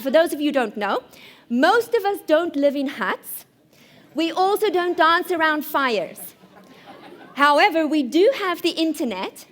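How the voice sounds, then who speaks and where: A woman's voice: high voice, fairly bright tone. A woman from South Africa with a South African accent, hosting a comedy show with a playful, self-mocking stand-up monologue on stage. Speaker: host. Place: live studio stage.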